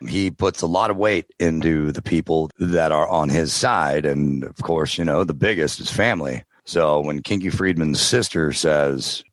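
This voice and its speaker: Deep-voiced male guest, dry studio sound, easygoing storyteller. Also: no room sound. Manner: relaxed storytelling, tries out character voices. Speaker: podcast guest, audiobook narrator. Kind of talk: casual interview chat.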